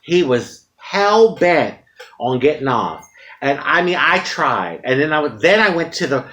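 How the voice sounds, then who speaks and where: Animated woman telling a frank story. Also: low voice, a little slow. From United States. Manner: frank, animated, dramatic retelling with frequent laughter. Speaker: vlogger. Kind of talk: casual storytelling to camera.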